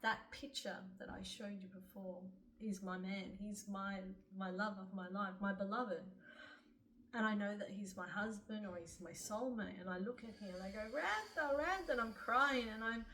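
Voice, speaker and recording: Woman, earnest storytelling, filler words, mid pitch, distant mic. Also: moderate pace. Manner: earnest, animated retelling with frequent fillers. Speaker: author. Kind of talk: personal storytelling. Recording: distant mic, faint room noise.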